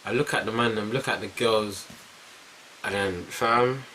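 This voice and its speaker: Animated young London man telling a story. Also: lowish voice, measured pace, slight background noise, low-quality recording. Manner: animated, repeats phrases, heavy slang. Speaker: vlogger. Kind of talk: casual storytime.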